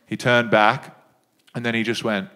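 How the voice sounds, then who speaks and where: A man's voice: medium pitch, flat delivery, a little slow, heavy background noise. A young man with an Australian accent doing laid-back stand-up storytelling on stage. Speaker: stand-up comedian.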